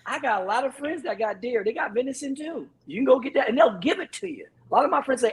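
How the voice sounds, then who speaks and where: A man's voice: very high-pitched, expressive, fast, poor audio. A man telling a story in casual chat, emphatic and repeating his phrases as he acts out quotes. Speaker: guest.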